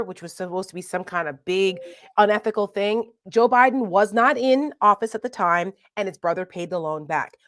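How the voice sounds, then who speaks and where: East Coast woman host, Jersey accent, animated, dry upfront voice. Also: on the high side, no room sound. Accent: New Jersey. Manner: animated, indignant storytelling. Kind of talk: casual political chat.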